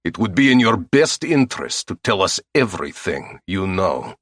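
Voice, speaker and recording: A calm enforcer speaks in a low, husky voice with slow, measured coldness, as a male narrator puts him on. He talks like a man giving advice, not making threats. The reading is close and dry, in an audiobook style. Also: dry recording, heavily acted. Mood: cold calm. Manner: measured, advising.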